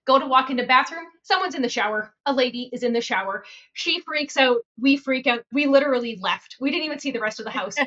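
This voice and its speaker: A woman hosting a podcast about real estate, telling stories in an animated, laughing, repetitive way. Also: sits high, fast, highs cut off. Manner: animated, laughing, repeats phrases for emphasis. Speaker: podcast host and realtor. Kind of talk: casual storytelling chat.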